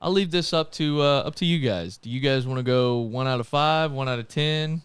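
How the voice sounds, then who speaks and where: A man hosting a live podcast, easygoing and quick to laugh as he steers the talk. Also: medium pitch, smooth, no room sound. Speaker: podcast host. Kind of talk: casual live podcast chat.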